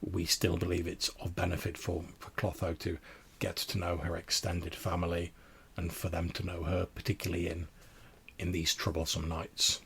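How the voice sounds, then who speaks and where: A courteous old vampire crone, formal and stately, speaking in a very deep, hoarse voice, as a man puts her on. She halts and repeats her words and keeps a flat, even tone. Her talk comes from a tabletop role-playing game. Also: normal speed, heavily acted.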